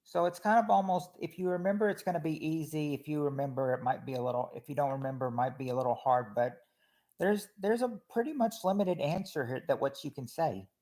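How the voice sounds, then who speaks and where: A fairly high-voiced man running a family game show on his livestream. He chats loosely with viewers, calls out their guesses and often stumbles and restarts mid-sentence. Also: brisk, darkish tone. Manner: chatty, reads chat names, hesitant restarts. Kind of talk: casual livestream game hosting.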